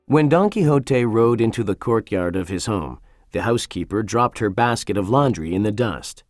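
A man narrating a storybook in a calm, measured way. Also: lowish voice, no echo, clean studio sound. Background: faint music.

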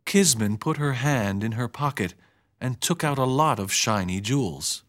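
A man narrating a story chapter in an even, measured storytelling voice. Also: medium pitch. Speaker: audiobook narrator. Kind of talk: scripted narration.

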